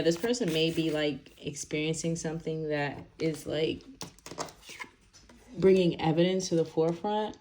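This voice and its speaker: A woman with a low, deep voice gives a casual tarot reading. She rambles and talks loosely, full of fillers and little laughs. She sounds young. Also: darkish tone, slight background noise. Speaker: tarot reader.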